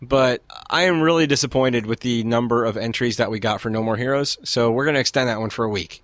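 A man's voice: medium pitch, quick pace, few pauses, fairly bright tone, dry recording. A man hosting a casual gaming podcast, upbeat and urging listeners to send in entries. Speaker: podcast host.

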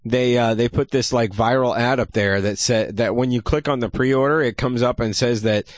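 A man's voice: mid-range voice, fairly even intonation, normal speed, dry recording. A man hosting a casual gaming podcast, rambling with many restarts and casual swearing. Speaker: podcast host. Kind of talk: casual chat.

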